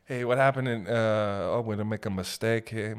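A man putting on a loud, exaggerated Italian character voice. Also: fairly low pitch, normal speed, clear, resonant tone, close to an everyday voice. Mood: flustered. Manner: loud, mock-Italian bluster.

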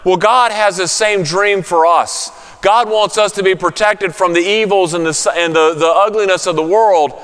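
A man preaching a sermon, telling a story, then softening to a hushed, soothing voice. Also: high-pitched, normal speed, few pauses, clean tone, in a large hall. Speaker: pastor.

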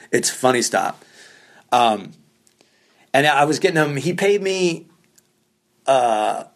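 A male comedian hosting a podcast, telling a rambling, self-deprecating story with plenty of swearing. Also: mid-range voice. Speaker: podcast host and stand-up comedian. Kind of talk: casual storytelling.

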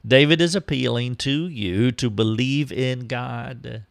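A man preaching a sermon, slow and deliberate, reading scripture aloud. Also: mid-range voice, creaky, dry recording, clean studio sound.

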